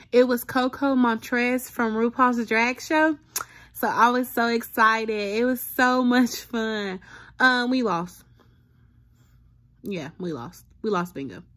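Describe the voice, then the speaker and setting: A woman's voice: on the high side, a bit bright. A young woman, chatting casually to her viewers in a playful, exclamatory vlog. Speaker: vlogger.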